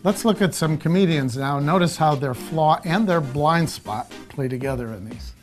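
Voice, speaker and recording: A man's voice: on the high side, faint music behind. Man explaining comedy formulas. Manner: explanatory, measured. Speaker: comedy instructor. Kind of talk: scripted instructional talk.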